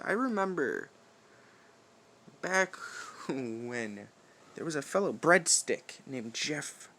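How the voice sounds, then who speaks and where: A man cutting an in-character wrestling promo, taunting his rival with profane trash talk, swinging from shouts to hushed whispers. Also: medium pitch, big pitch swings, slow, vocal fry, slight background noise.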